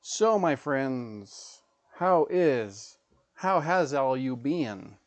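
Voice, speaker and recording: A man's voice: mid-range voice, big pitch swings, drawn-out words, dry recording. A man in his thirties, a gaming livestreamer, telling rambling, profane stories in casual chat.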